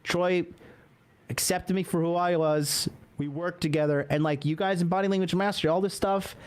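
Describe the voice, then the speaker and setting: A young man hosts a live-streamed dating podcast, talking in a loose, brash and joking way with lots of swearing. His voice sits a little high for a man. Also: steady tone, normal speed, clear, resonant tone. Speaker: podcast host. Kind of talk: casual live-stream chat.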